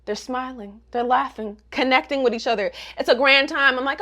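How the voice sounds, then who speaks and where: A woman's voice: high-pitched, brisk, few pauses, bright, forceful tone. A woman giving a casual, sassy recap of a manga, full of slang and running commentary. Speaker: manga reviewer.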